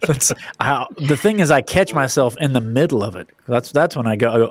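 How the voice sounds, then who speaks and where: A man's voice: medium pitch, expressive, normal speed. A man chatting as a guest on a video call, telling rambling, jokey stories and laughing often. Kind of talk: casual chat.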